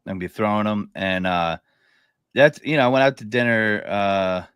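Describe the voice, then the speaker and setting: A man's voice: lowish voice, normal speed, fairly bright tone, clean tone, no echo. A man co-hosting a podcast in casual chat, telling stories in a laid-back way and laughing as he talks. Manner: laid-back storyteller, laughs while talking. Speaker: podcast co-host.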